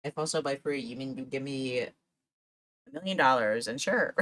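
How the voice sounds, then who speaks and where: A woman's voice: rumbling low, expressive, moderate pace, a bit bright. A young woman streaming, chatting casually and laughing often as she tells stories. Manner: giggly, laughs often while storytelling.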